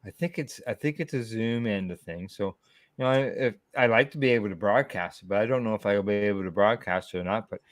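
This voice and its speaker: A man's voice: fairly low pitch, fast talker, no echo, studio quality. A man hosting a casual chat over a video call, talking in a rambling way full of asides. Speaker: host.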